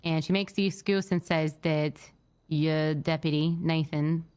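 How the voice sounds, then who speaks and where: Low woman in an rp trooper role, venting steadily, ums and false starts. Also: fairly even intonation, a little mellow, smooth. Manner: upset but measured, frequent fillers and restarts. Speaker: state trooper in a roleplay server. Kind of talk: in-character roleplay briefing.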